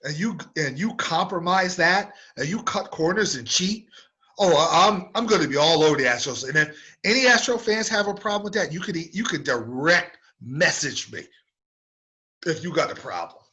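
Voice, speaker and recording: A man's voice: a little high, animated, normal speed, bright, forceful tone. A man hosting a sports talk show, ranting heatedly with strong opinions and mocking asides. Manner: fired-up, ranting, mocking impressions. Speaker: sports radio host.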